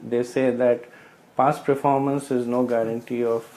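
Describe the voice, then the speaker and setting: A man's voice: mid-range voice, flat delivery, a little slow, darkish tone, rough recording. A man sharing realizations in a scripture study group, hesitating often and explaining through everyday analogies. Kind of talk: casual spiritual sharing.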